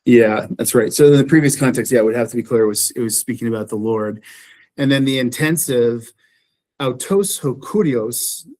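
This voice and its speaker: A man's voice: mid-range voice, steady tone, brisk, warm tone. Man lecturing, often checking "right?". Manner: explanatory, repeats phrases, checks in with "right?". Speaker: Greek instructor. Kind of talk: classroom lecture. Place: classroom.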